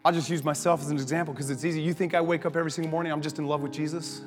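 A male pastor preaching a sermon, telling stories with laughter and dropping to a soft voice for prayers. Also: a little high, rapid-fire. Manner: animated storytelling preacher, laughs often, drops to soft prayer voice. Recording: long hall reverb with faint music.

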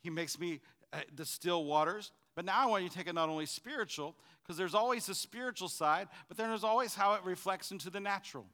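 A man preaching a sermon in call-and-response style, swinging from loud fervent bursts to quiet asides. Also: high voice, fast talker.

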